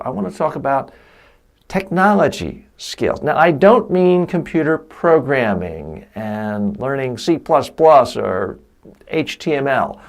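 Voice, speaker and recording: A middle-aged man as a course instructor, lecturing in an emphatic, animated way with quoted asides. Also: mid-range voice, gravelly. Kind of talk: recorded lecture.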